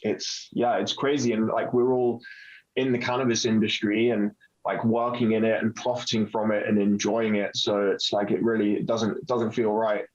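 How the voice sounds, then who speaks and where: A man from Canada hosting a podcast, relaxed and hesitant, often padding his speech with "um" and "like." His voice is fairly low and very even in pitch. The recording is dull and lo-fi. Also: normal speed. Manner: relaxed, hesitant, lots of fillers. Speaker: podcast host. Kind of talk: casual podcast conversation. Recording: dull lo-fi sound.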